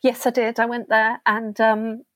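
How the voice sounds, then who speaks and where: Earnest woman, halting, dry close sound. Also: a little high, flat delivery, fairly bright tone, no room sound. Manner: earnest, halting with frequent restarts. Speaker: interview guest. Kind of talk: conversational interview.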